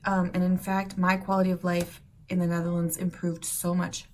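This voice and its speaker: A woman's voice: on the low side, monotone, moderate pace, far from the mic. A woman from the United States chats casually to camera, rambling and restarting her sentences as she goes. Her voice sits a little back from the mic, with a faint hum of noise behind it. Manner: chatty, rambling with many fillers and restarts. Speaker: vlogger.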